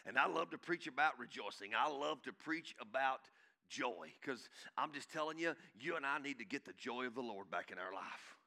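A male pastor preaching a sermon, swinging from shouting to hushed intensity and calling out to the congregation. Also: medium pitch, lively intonation, moderate pace, creaky. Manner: calls out to the congregation.

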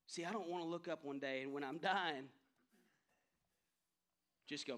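Impassioned high-voiced male pastor preaching. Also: normal speed, long pauses, fairly bright tone. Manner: impassioned preaching that builds to emphatic peaks. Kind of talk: sermon. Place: church sanctuary.

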